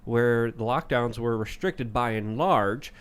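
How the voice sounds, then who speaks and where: A man's voice: medium pitch, unhurried, clear, resonant tone. A man co-hosting a panel talk show who argues his points with emphasis. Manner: emphatic, argumentative commentary. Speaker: show co-host. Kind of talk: casual panel chat.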